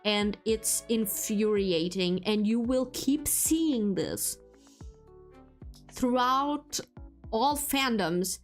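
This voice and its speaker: A woman's voice: fairly high pitch, extremely slow. A young woman streamer chatting casually with viewers, rambling with lots of fillers and restarts. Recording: faint music behind.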